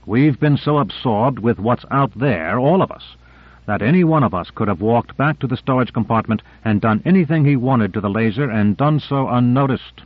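A man's voice: medium pitch, animated, moderate pace, dry recording, close to an everyday voice. A terse, defensive agent, as a male narrator reads him, clipped and wary. The audio is dry and narrow, like a phone line.

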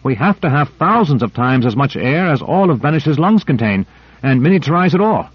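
An excitable male scientist bubbling with boyish eagerness, as a male narrator puts him on. The voice sits noticeably higher than the reader's own. The recording is dry and a little dull. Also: fast talker, dry recording, close to an everyday voice. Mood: excited. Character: excitable male scientist running the air supply. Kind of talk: audiobook character reading.

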